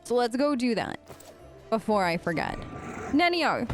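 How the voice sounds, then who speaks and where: Casual let's-play host, woman, higher voice, chatty, faint music under. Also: wildly swooping pitch, unhurried. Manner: chatty, thinking aloud, giggly asides. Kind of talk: casual gameplay commentary.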